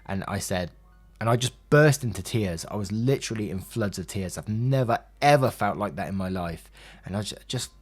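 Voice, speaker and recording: A man's voice: lowish voice, normal speed, husky, faint music behind. A man with an English accent, a YouTube narrator telling a personal story in a candid, emotional, rambling way full of fillers.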